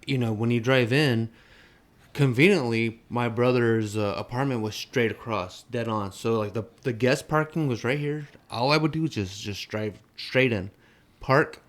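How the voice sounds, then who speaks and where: A young man co-hosting a podcast, telling a story in a loose, animated, profanity-laced way with lots of fillers. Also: medium pitch, normal speed. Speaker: podcast co-host. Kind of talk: casual storytelling chat.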